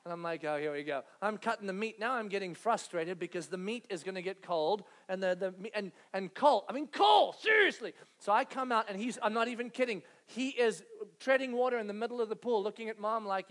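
A man in his thirties, a pastor telling a family story in a sermon, acting out scenes with loud animated bursts. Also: very high voice, fast talker.

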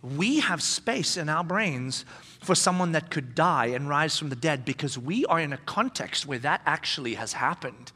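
A male pastor preaching a conversational sermon in an animated way, acting out the voices he quotes. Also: on the high side, normal speed, slightly rough, big-room sound.

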